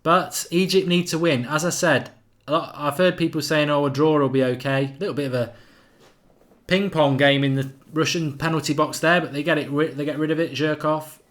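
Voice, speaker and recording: A man's voice: on the high side, fairly even intonation, fairly quick, a bit bright. A man hosting a live football watchalong, chatting casually and reading out viewer comments. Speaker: watchalong host.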